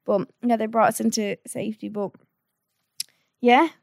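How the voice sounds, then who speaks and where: A young Irish woman tells a story to a friend, acting out what everyone said with lots of energy. Her voice sits a little on the high side, and the sound is dry and close with no room around it. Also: moderate pace, vocal fry, dry recording. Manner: animated storytelling, acting out quotes. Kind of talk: casual chat.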